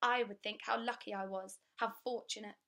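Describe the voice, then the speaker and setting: A woman's voice: medium pitch, fairly even intonation, normal speed, gravelly, sharp tone. A woman voicing a stern, gaunt older governess who speaks in a dry, blunt, matter-of-fact way.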